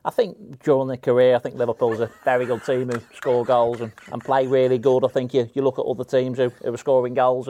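A man's voice: mid-range voice, dark tone, no room sound, lightly acted. An impressionist doing a young male footballer who gives earnest, repetitive post-match clichés. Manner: earnest, repetitive, talks in circles.

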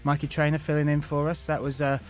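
A man's voice: a little high, little pitch movement. An Irish man in his forties hosting a podcast, chatty and teasing in casual banter. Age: 40s. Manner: teasing, chatty, quick-witted. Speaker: podcast host.

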